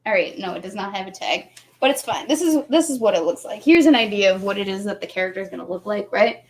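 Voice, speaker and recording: A woman's voice: animated, fast talker, a little hiss or hum. A woman hosting her own channel, chatting casually to viewers while a little tipsy, rambling and easily distracted. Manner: rambling, easily distracted, jumps around in pitch. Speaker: channel host.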